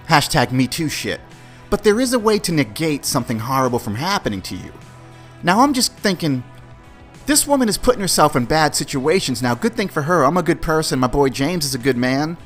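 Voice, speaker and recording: A man hosting his own podcast, telling a story in a casual, profane way. He talks straight to his listeners and swings from loud disbelief to low mutters. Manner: animated, profane, addresses listeners as guys. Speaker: podcast host.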